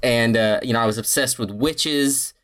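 A man's voice: mid-range voice, moderate pace, fairly bright tone. A middle-aged man from North Carolina with a Southern accent, chatting as a podcast guest in a rambling, self-correcting way. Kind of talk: casual conversation.

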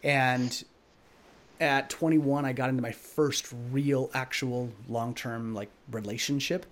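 Earnest podcast host telling a personal story. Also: male voice, medium pitch, steady tone, takes it slowly. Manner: earnest, reflective, loose with many filler "like"s. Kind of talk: candid personal storytelling in conversation.

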